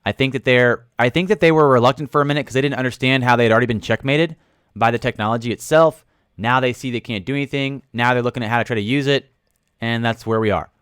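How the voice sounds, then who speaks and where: A man hosting a casual livestream, reading chat comments aloud, joking with viewers and breaking into loud sudden outbursts. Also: mid-range voice, fast talker, smooth, no echo, clean studio sound. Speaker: livestream host. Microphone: studio microphone.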